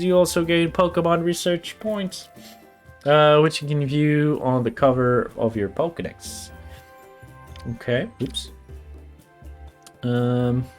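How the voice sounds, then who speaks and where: A man's voice: a little high, close to an everyday voice. A man doing a pompous mad-scientist professor voice. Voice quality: theatrical accented put-on voice. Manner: stilted, formal reading of game text. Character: pompous male professor, with a mad-scientist cartoon-villain tinge. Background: faint game music.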